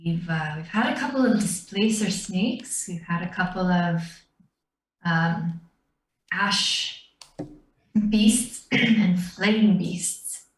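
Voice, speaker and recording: A woman voicing a brisk female raptor bird-folk headhunter who runs a hunters' guild, businesslike and wry. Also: lowish voice. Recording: roomy, distant mic.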